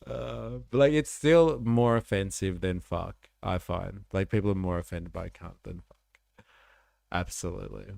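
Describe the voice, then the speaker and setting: A man's voice: deep voice, unhurried, gravelly, a little mellow, dry recording, studio quality. A man hosting a live stream, chatting casually and reacting to clips with swearing and laughter. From Australia.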